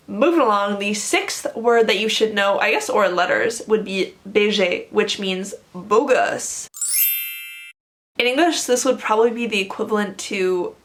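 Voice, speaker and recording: A woman's voice: medium pitch, moderate pace, fairly bright tone. A young woman with a North American accent, explaining slang in a casual, emphatic vlog. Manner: enthusiastic, emphatic, lots of fillers. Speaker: language vlogger.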